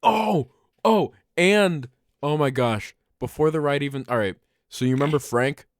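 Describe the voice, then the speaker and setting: A young man spins a comedic podcast story, his pitch swooping up and down as he laughs and yells out punchlines. He talks unhurriedly, his voice smooth and clear, recorded close and dry with no room echo. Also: measured pace. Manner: animated, laughs often, breaks into loud yelled bits. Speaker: podcast co-host.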